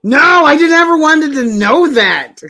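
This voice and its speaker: A man hosting a comedy chat, trading quick, wry banter. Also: extremely high pitch, expressive, sharp tone. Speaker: host.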